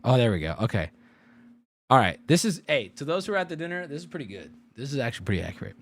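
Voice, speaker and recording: A man's voice: medium pitch, quick pace. A man streaming live, telling a story casually with lots of profanity and jokes. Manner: animated, profane, jokey storytelling.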